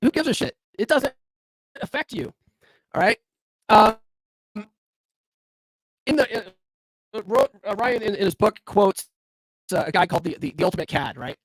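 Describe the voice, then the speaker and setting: Sitting high and very animated, this man's voice moves a little slowly with long pauses, and there's no room sound. On his casual, blunt, profane solo podcast about dating and self-improvement, he keeps asking "right?" and challenges his listeners directly with rhetorical questions.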